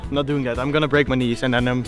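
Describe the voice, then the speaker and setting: A young man chatting excitedly with friends and calling out his tricks. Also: mid-range voice, rapid-fire. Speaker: trampoline trick player. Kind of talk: casual chat between friends. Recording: loud background music.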